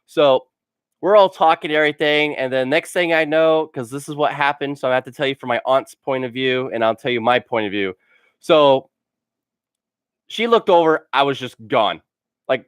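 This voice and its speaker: A man's voice: medium pitch, normal speed, a bit bright, dry recording, clean studio sound. A man telling funny stories for a casual vlog. He rambles and fills his sentences with "like", and laughs at his own stories. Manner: rambling, full of "like" fillers. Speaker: gaming channel host.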